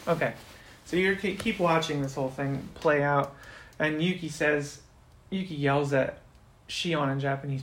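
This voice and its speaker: A man running a tabletop role-playing game as game master, narrating the scene and now and then voicing characters with sudden loud outbursts. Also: on the high side, steady tone, normal speed, roomy sound.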